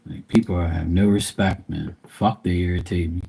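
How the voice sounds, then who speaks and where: A man's voice: sits low, fairly even intonation, moderate pace, gravelly, dark tone, husky. A man hosting a live stream, chatting casually with viewers in a blunt, profane, rambling way. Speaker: livestream host.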